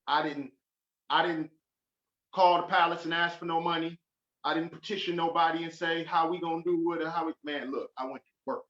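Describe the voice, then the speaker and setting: A man gives a fervent testimony on a podcast, swinging from quiet asides to loud emphatic peaks. His voice sits in a roomy space. The sound is dull and lo-fi. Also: a little high, fairly even intonation, fairly quick. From Oakland. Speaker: podcast guest.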